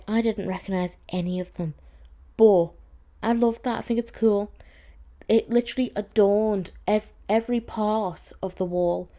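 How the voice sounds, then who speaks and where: A woman's voice: mid-range voice, warm tone. A young woman hosting a podcast, chatting casually as she tells a story with plenty of "like"s and some exasperation. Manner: chatty and exasperated, with frequent "like" fillers. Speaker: podcast host.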